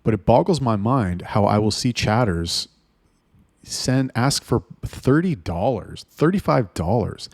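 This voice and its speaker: A man rants bluntly and with open exasperation, swearing at almost every turn. His voice sits low and gravelly. The sound is dry and close, with no room around it. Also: animated, a little slow, darkish tone, no echo. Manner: mocking put-on voices when quoting others. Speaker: agency owner giving chatter advice. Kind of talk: profane ranting advice monologue.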